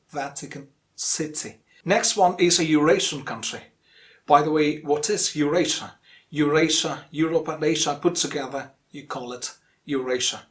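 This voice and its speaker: A young man from India teaching English pronunciation, explaining patiently and repeating each word slowly several times. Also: on the high side. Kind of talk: instructional explanation.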